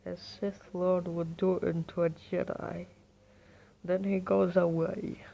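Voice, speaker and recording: Slow, gravelly woman telling a fan story. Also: lowish voice, level tone, mellow. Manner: rambling and profane, with restarts. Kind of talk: casual fan story narration.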